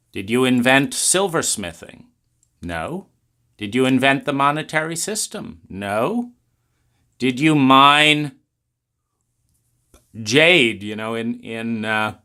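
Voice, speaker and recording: A man giving an unhurried philosophical talk, making his points with drawn-out emphasis and pointed rhetorical questions. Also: medium pitch, sharp tone.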